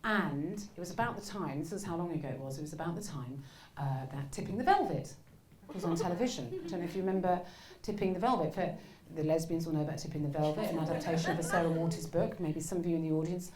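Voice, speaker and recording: A woman performing a stand-up comedy set in a theatre, telling a story with hushed asides and loud outbursts. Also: on the low side, fast talker, few pauses, a crowd in the background. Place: large theatre in front of a live audience. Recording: roomy theatre with audience laughter. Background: audience laughter.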